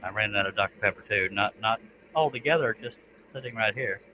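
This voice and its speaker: A man's voice: fairly low pitch, fairly quick, background noise. A man hosting a live stream, chatting casually and joking to himself as he works in his workshop. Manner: joking, talks to himself while working. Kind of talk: casual chat while woodworking.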